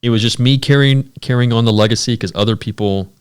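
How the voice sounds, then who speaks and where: A man's voice: mid-range voice, quick pace, smooth. A man hosting a podcast, telling a story in casual chat and acting out the quotes. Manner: animated storyteller, acts out quotes loudly. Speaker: podcast host.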